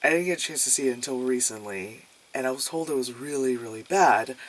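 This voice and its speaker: A man's voice: medium pitch, brisk. A man giving a casual movie review, rambling and sarcastic, full of filler words and swearing. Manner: swears freely.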